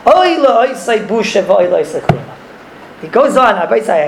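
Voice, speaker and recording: A man's voice: sits high, sing-song, normal speed, vocal fry, noisy background. A man teaching a religious class, explaining a text and telling stories, mixing in Hebrew and Yiddish terms and repeating phrases. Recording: echoey room.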